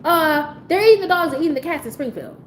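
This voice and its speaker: A stammering, evasive older politician who fumbles for words and never answers the question, as a woman puts him on. The voice sits well above her usual speaking pitch and comes out louder and brighter. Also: lively intonation, fast, roomy sound, slight background noise.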